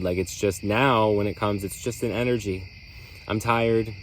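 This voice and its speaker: A man's voice: on the low side, level tone, moderate pace, slight background noise, rough recording. A man hosting a podcast, talking candidly in a rambling, reflective way with many fillers. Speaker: podcast host. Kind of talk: reflective solo talk.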